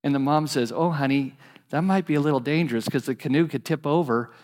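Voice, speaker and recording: A pastor preaching a sermon, earnest and animated, dropping to soft pleading repetitions. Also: male voice, fairly high pitch, fast talker.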